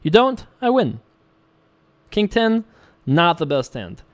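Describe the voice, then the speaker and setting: A man's voice: a little high, sing-song, slow. A man casually commentating his own online poker session, joking and laughing often. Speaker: poker streamer.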